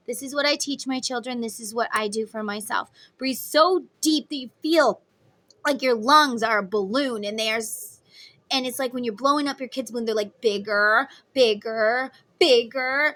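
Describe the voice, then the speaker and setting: A woman in her thirties giving a casual tarot reading, chatty and motherly, guiding the listener through slow breathing. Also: sits high, pushed and bright. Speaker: tarot reader.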